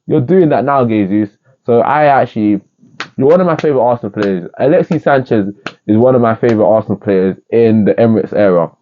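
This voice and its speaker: A man giving a casual, rambling review of a football match, jokey and excitable. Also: medium pitch, brisk, slight background noise. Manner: excitable, rambling, jokey, with bursts of singing and quoting. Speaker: football fan vlogger. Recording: tinny phone-like sound.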